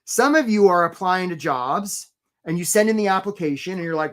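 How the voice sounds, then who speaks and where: A man's voice: on the high side, fairly quick, a bit bright. A man hosting a live career webinar, talking energetically and conversationally and often checking in with "right?".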